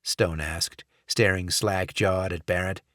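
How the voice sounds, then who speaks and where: A male audiobook narrator reads in a measured, steady way with a low voice. The sound is close on the mic and very dry, with no room around it. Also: dry recording. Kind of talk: scripted narration.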